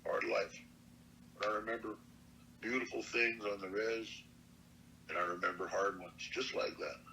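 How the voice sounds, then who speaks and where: A man's voice: low-pitched, gravelly, sharp tone, a little hiss or hum, rough recording. An older man from Montana telling a personal story from his youth, plainspoken and earnest, with salty language. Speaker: elder storyteller. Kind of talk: personal oral-history storytelling.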